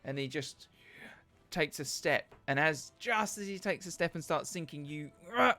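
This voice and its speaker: A man narrating as dungeon master in an animated, laughing way, often searching for words. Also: on the high side, normal speed, soft background music. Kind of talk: narrating a tabletop game.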